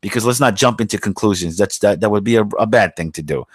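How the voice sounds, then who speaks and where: A man's voice: fairly low pitch, fast talker, breathy edge, no echo. A man hosting a podcast, talking in a rambling, profane way with many fillers and restarts, from the United States. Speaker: podcast host. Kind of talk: casual podcast monologue.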